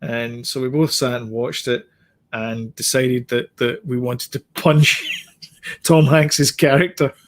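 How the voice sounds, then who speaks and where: A man's voice: mid-range voice, steady tone, takes it slowly. A man co-hosting a podcast, giving blunt opinions in casual chat with many ums and restarts. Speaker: podcast co-host.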